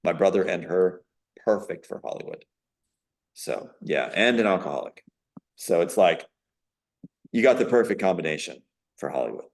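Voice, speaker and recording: Guy on an interview, kinda low voice, going on and on all worked up, lots of ums and uhs. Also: very animated, moderate pace, gravelly, long pauses. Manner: emphatic, indignant, with frequent fillers. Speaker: interview guest. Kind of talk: rambling personal account in an interview.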